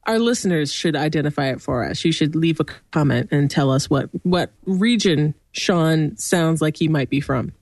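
A woman co-hosting a podcast in casual chat, talkative, with laughs and quick asides. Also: low voice, expressive, darkish tone, dry recording. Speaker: podcast co-host.

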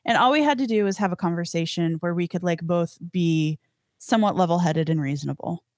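A woman's voice: fairly low pitch, fairly quick, darkish tone, no echo, clean studio sound. A woman guest on a podcast, giving thoughtful, reflective commentary in casual chat.

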